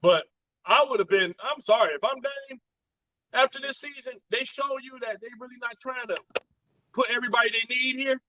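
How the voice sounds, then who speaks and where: A man hosting a casual, profane sports chat, mocking players with quick impressions and laughing a lot. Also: extremely high pitch, bright, forceful tone, dry recording, muffled recording. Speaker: podcast host.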